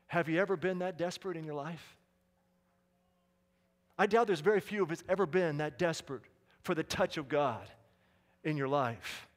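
A high-pitched male pastor preaches in a church sanctuary. His voice drops low and soft and then climbs into loud, pleading calls. A long reverb rings behind him. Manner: dramatic preaching, swinging between hushed and loud calls. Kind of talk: sermon.

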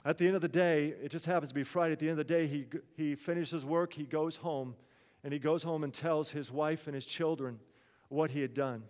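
A man's voice: fairly high pitch, steady tone, a little fast, a little mellow. Man preaching in a reverberant hall. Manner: earnest conversational storytelling. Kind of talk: sermon.

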